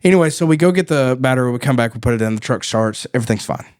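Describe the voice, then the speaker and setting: A man hosting a faith podcast, telling a story in an animated, casual way, laughing often and acting out the voices of the people in it. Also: mid-range voice, very fast, no echo, clean studio sound. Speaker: podcast host.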